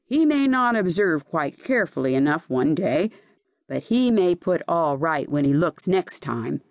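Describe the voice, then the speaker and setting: Storybook bookworm, male, learned and stubborn, slow grave lecture tone , played by a woman. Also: deep voice, very animated, no echo, studio quality, full character voice.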